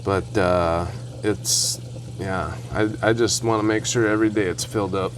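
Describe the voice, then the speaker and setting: Low-voiced man rambling through his aquarium setup. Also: moderate pace, noisy background. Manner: relaxed, rambling, with fillers and asides. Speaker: aquarium hobbyist vlogger. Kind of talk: casual equipment walkthrough. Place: home, beside a reef tank.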